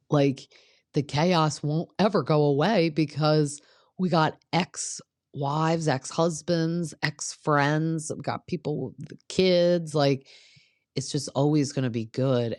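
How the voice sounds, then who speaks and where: A woman's voice: rumbling low, darkish tone, dry recording, clean studio sound. A woman hosting a podcast, chatting casually through a reality TV recap and filling her talk with "like". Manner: chatty, peppered with "like". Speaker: podcast host.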